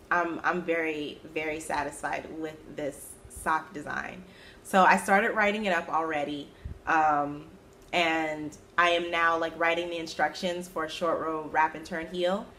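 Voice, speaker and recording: Woman host, low-pitched, chatty and self-amused, casual craft-podcast talk with faint background noise. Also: fairly bright tone. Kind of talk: casual chat.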